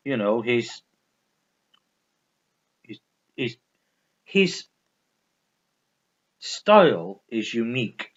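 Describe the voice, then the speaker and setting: A man chatting casually about his records, enthusiastic and rambling, often repeating himself. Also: medium pitch. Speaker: vinyl collector vlogger. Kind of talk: casual record review chat. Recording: dull lo-fi recording.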